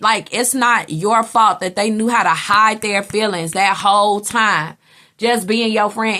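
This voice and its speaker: A woman's voice: fairly high pitch, pushed and bright. Blunt, chatty woman reading tarot. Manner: blunt, chatty, swears freely, acts out quoted people. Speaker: tarot reader. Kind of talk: casual tarot reading monologue.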